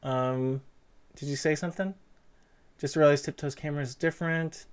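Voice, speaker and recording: A man's voice: on the high side, steady tone, moderate pace, clear, resonant tone. Chatty man hosting a livestream interview. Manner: loose, chatty, reads chat aloud, laughs easily. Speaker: streamer and interviewer. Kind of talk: casual livestream chat.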